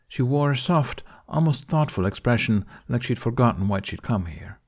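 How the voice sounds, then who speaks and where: A man narrating a fan fiction story aloud in a steady, measured storytelling manner. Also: medium pitch. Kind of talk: scripted narration.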